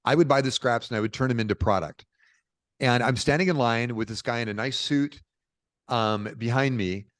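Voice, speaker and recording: A middle-aged man from Portland, Oregon, telling stories as a podcast guest in a lively, informal way. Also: medium pitch, normal speed, no room sound. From Portland, Oregon, USA. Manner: animated, informal, peppered with "dude" and "bro". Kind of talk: casual conversational storytelling.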